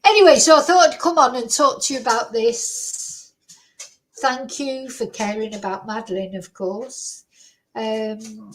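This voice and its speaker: A woman's voice: fairly high pitch, a little slow, rough recording. A woman hosting her own channel, chatting casually and rambling with many fillers and tag questions. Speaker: true crime commentary channel host. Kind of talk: casual chat to camera.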